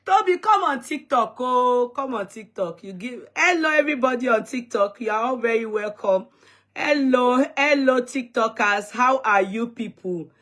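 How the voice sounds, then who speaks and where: A woman's voice: on the high side, moderate pace, fairly bright tone. Chatty Nigerian woman livestream host. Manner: chatty, teasing, greets viewers by name, mixes in Yoruba and Pidgin. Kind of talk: casual livestream chat.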